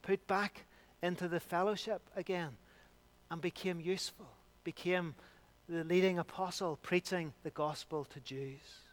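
Resonant preacher, high and emphatic. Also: male voice, steady tone, unhurried. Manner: emphatic preaching, swinging from loud to hushed. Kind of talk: sermon.

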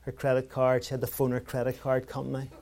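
A man's voice: mid-range voice, completely flat delivery, fast, vocal fry, noisy background. A man preaching a sermon in a conversational way, asking rhetorical questions and telling everyday anecdotes.

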